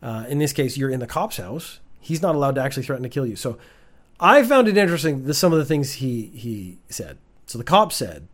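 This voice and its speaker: A man's voice: medium pitch, animated, brisk. A man giving casual, wry commentary on news stories from home, chatty with frequent restarts.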